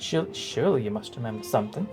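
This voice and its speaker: A woman's voice: a bass voice, lively intonation, very fast, music in the background. A man voicing a friendly, curious woman passenger on a 1920s train, with light theatrical inflection.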